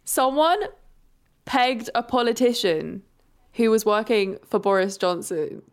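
A woman's voice: a little high, lively intonation, a little slow, clean tone. A woman co-hosting a podcast, chatting casually, laughing often and swearing freely. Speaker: podcast co-host. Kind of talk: casual chat.

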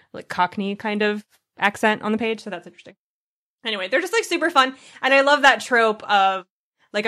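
A woman's voice: medium pitch, pushed and bright. Woman co-host, casual, gushing, filler-heavy book chat. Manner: gushing, lots of fillers, laughs easily. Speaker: podcast co-host.

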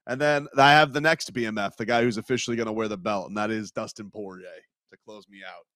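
Male co-host, low voice with a sharp edge, dry close sound, teasing. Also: fairly even intonation, fast, no room sound. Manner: teasing, jumps up in pitch when ribbing others. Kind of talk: casual sports radio banter.

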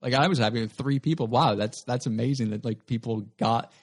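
A man, a comedian and singer-songwriter, telling stories animatedly in a casual chat. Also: mid-range voice. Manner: animated storytelling, quick bursts.

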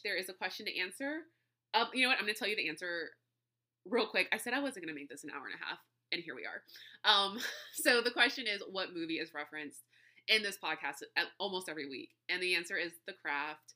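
A woman's voice: lowish voice, pushed and bright. A woman hosting her own podcast, talking casually and effusively straight to her listeners, laughing often and dropping in slang like y'all. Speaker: podcast host. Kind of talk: casual solo podcast chat.

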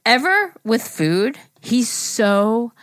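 A middle-aged woman co-hosting a podcast, chatting casually and telling stories with lively acted-out quotes. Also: a little high, drawn-out words, no room sound, studio quality. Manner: animated storytelling, acts out quotes. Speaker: podcast co-host. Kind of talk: casual chat.

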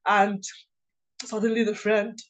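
A woman, a mother of several children, telling a personal story in a halting, emotional way, often restarting her sentences. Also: medium pitch, flat delivery, highs cut off. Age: adult mother of several children. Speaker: guest sharing a personal story.

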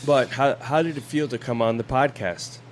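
A man's voice: mid-range voice, moderate pace, a little hiss or hum. A man hosting a casual podcast, joking around and laughing often. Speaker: podcast host. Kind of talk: casual chat.

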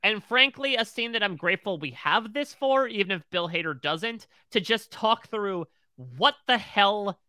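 A man's voice: high-pitched, animated, normal speed, hardly any pauses, sharp tone, smooth, dry recording. A man co-hosting a TV recap podcast, retelling scenes in close detail. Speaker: podcast co-host.

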